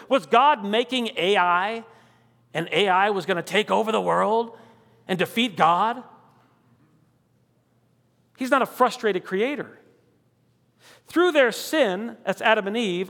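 A man preaching a sermon, asking rhetorical questions one after another and slowing down to stress key words. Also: sits high, a bit bright, long reverb tail. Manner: dramatic, rhetorical questions, slows for emphasis.

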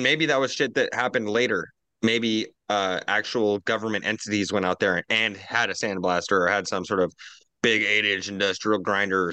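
A man's voice: deep voice, bright, forceful tone, dry recording. A man on a casual roundtable podcast, ranting profanely and animatedly while drinking.

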